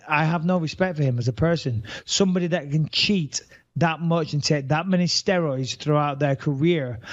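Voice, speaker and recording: A man from the north of England talks through a casual podcast, rambling and restarting his sentences. His voice sits fairly high. The mic sounds dry and a little dull. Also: no echo. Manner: rambling, frequent restarts and fillers. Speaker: podcast co-host, retired fighter.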